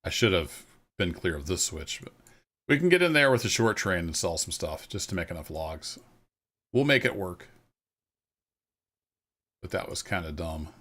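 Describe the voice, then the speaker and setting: Low-voiced male game streamer with an easygoing, chatty manner who talks viewers through his play. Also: big pitch swings, moderate pace, long pauses, fairly bright tone. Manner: easygoing, self-deprecating, thinks aloud to viewers. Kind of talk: casual live gameplay commentary.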